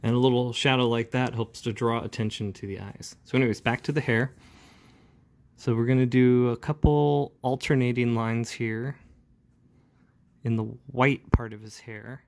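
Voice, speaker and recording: A man's voice: mid-range voice, fairly even intonation, normal speed, darkish tone. Laid-back man talking through an inking tutorial. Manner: casual, talks while working, with fillers. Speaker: comic book inker. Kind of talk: relaxed ink-along tutorial narration.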